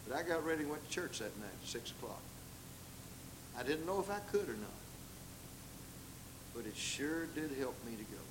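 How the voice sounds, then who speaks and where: An older man with a Southern US accent preaching a sermon in a dramatic way, acting out the voices he quotes. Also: noisy background. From American South. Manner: dramatic, acts out quoted voices with big pitch leaps.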